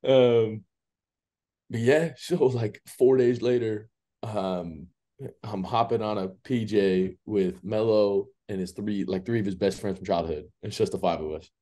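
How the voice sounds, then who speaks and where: A man in his twenties telling a story as an interview guest, relaxed and rambling with many filler words. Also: lowish voice, a little slow. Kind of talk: casual storytelling.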